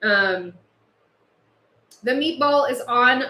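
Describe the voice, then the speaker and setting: Hosting a livestream from a hot house without air conditioning, a woman chats casually yet speaks with real passion, laughing between her points. Her high voice is expressive, pushed, and bright, at a moderate pace, in a roomy-sounding space.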